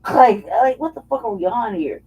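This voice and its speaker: A woman's voice: on the high side, lively intonation, moderate pace, dark tone, slight background noise. A woman talking heatedly and profanely in a casual political chat, often mocking others in put-on voices. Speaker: co-host. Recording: dull lo-fi audio.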